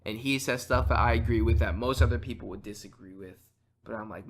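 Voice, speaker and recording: A teenage boy hosts a casual podcast chat, playful and argumentative as he rambles through hypotheticals. His voice is medium-pitched and a little fast.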